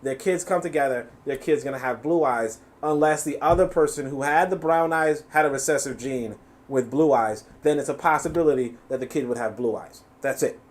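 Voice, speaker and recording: A man's voice: medium pitch, a little fast. A man hosting a live reaction stream, reading chat comments aloud and mocking what he hears, swearing and laughing as he goes. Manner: animated, mocking, swears freely, laughs often.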